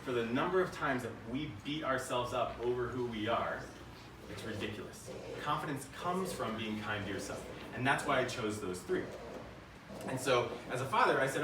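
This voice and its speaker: A man's voice: medium pitch, animated, normal speed, distant mic, background noise. A man giving a live keynote talk, conversational and asking the audience questions. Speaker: keynote speaker. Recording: echoey room, voice from the mic.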